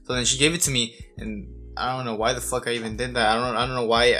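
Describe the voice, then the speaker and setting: A man's voice: medium pitch, level tone, fast talker, pushed and bright, soft background music. Blunt, profane young man. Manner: profane, blunt, frequent restarts. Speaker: self-improvement vlogger. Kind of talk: blunt monologue to camera.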